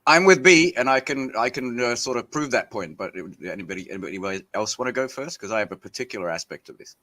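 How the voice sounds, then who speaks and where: A man hosting a podcast panel, talking in a blunt, excitable, halting way and swearing at times. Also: medium pitch. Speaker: podcast host. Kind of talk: casual panel discussion.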